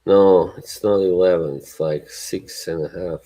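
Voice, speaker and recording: A man's voice: sits low, steady tone, a little slow, warm tone, low-quality recording. A man hosting a livestream in casual chat, rambling and laughing often between remarks. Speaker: livestream host.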